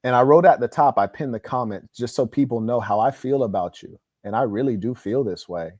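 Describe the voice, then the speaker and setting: A man's voice: medium pitch, a little fast, a little mellow, no echo, clean studio sound. A man hosting an online livestream, delivering a combative monologue in a boastful, scornful, preachy way. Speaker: online show host.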